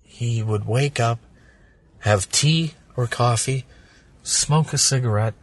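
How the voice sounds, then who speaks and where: Husky guy from germany rambling through a story, swears a lot, casual chat. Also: mid-range voice, slow.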